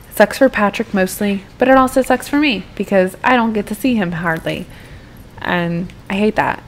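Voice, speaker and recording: With a voice on the low side and a little hiss or hum in the audio, this American gaming YouTuber rambles casually through her gameplay. The young woman curses freely as she plays.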